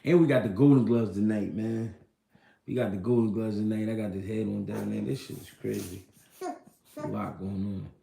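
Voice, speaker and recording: A man's voice: fairly low pitch, steady tone, normal speed, vocal fry, dark tone. A man hosting a casual livestream, talking in a loose, slangy way and answering viewers' comments. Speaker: livestream host. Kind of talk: casual livestream chat about boxing. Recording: echoey room.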